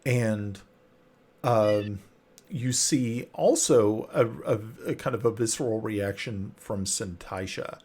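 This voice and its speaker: A man narrating a tabletop role-playing game as game master, halting with fillers and restarts. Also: on the low side, a little mellow, slightly rough.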